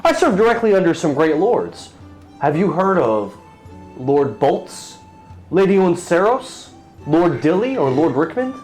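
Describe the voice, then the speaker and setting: A proud human knight full of himself, as a man puts him on, with a high voice that leaps all over. Faint music plays behind him. He speaks grandly, as if addressing a court. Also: big pitch swings, unhurried, darkish tone, rough recording. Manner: grand, showy and self-important. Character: proud male human knight, pompous and boastful. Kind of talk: tabletop role-play.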